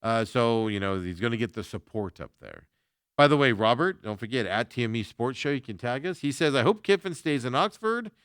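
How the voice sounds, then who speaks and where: A man's voice: medium pitch, lively intonation, fairly quick, a bit bright, clean tone, no echo, clean studio sound. A man hosting a sports talk show, chatting casually with lots of fillers as he reacts to viewer comments.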